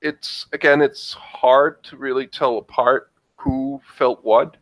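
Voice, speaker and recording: Slow, hesitant male role-player. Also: medium pitch, fairly even intonation, fairly bright tone, no room sound. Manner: hesitant, many fillers and restarts. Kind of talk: tabletop role-play, describing his character.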